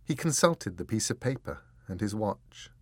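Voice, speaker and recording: A man reading an audiobook in measured, deliberate scripted narration, close to the mic. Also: fairly low pitch, very animated, vocal fry, no room sound.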